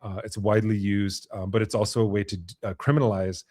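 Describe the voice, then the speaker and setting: A low-voiced man hosts a podcast conversation, working through his points with lots of "you know" and restarts. His voice is recorded close and dry, with no room sound. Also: flat delivery, warm tone, dry recording. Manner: halting, many fillers and restarts. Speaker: podcast host. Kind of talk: conversational interview.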